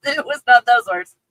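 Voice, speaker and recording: A woman from Texas, her accent faint and her voice fairly high and a bit bright, chats casually on a livestream and reads out viewer comments. She's profane and candid, swearing freely and laughing often. The audio is poor, with no room sound.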